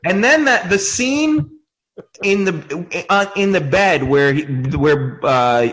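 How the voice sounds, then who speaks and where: Husky, animated man ranting. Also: high-pitched, takes it slowly, highs cut off. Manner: animated, profane, ranting criticism. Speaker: podcast guest, comedy writer. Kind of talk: casual chat.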